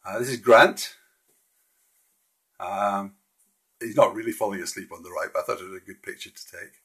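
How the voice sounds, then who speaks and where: A man's voice: fairly low pitch, moderate pace, fairly bright tone, husky. A man hosting a casual live stream, walking through slides in a friendly, hesitant way with frequent restarts.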